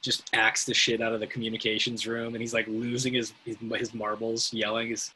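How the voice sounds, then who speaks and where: A man's voice: on the low side, brisk, slight background noise, low-quality recording. A man hosting a casual film podcast, asking questions and agreeing with his guest. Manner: relaxed, affirming, asks guest questions, swears casually.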